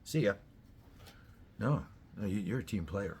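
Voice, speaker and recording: Blunt, low-voiced ranting man. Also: animated, unhurried, a little hiss or hum. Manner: blunt, profane, swings to loud outbursts. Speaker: host. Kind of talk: ranting monologue.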